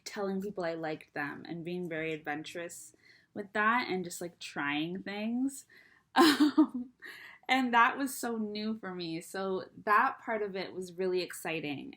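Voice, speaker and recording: A woman's voice: on the low side, a bit bright. A young adult woman chatting casually to camera, rambling and self-deprecating, with a slight lisp from braces. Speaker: vlogger.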